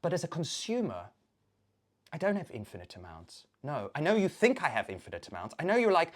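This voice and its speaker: A YouTuber ranting to camera, swearing a lot and swinging between loud outbursts and low muttering, repeating words over and over. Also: wildly swooping pitch, a little fast.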